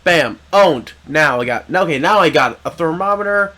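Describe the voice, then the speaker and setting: A man's voice: a little high, lively intonation, moderate pace, sharp tone. A young man playing a video game with a friend, chatting casually, hesitant with many fillers. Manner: hesitant, filler-heavy, says bam a lot. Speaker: gamer. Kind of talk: casual gaming chat.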